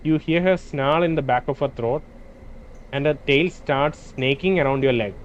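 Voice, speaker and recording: A man playing a role-playing game, reading its dialogue aloud and thinking out loud between lines. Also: mid-range voice, moderate pace, highs cut off, a little hiss or hum. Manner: hesitant, restarts and fillers, reads dialogue in plain voice. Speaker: gameplay streamer.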